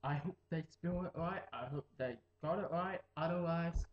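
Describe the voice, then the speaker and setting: A man's voice: on the high side, moderate pace, few pauses, reverberant, muffled recording. A teenage boy rambling in a casual vlog, mumbling and jumping into silly voices. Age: late teens. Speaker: vlogger.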